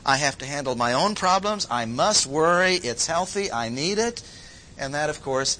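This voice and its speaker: A man preaching a sermon, emphatic, repeating key phrases slowly with sudden jumps in pitch. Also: fairly bright tone, slight background noise, low-quality recording.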